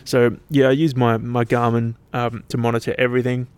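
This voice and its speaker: A man's voice: medium pitch, little pitch movement, fairly quick, a little mellow, smooth. An Australian man hosting his own podcast, chatting casually and rambling with lots of swearing. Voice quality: laid-back, rambling, swears freely. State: tired, yawning. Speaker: podcast host. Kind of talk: casual solo podcast chat.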